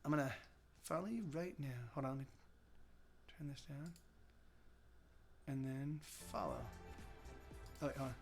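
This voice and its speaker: A man's voice: medium pitch, normal speed, vocal fry, long pauses, faint music behind. A man musician chatting casually on his live stream, rambling with many restarts, cursing and greeting viewers. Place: home streaming setup in Austin.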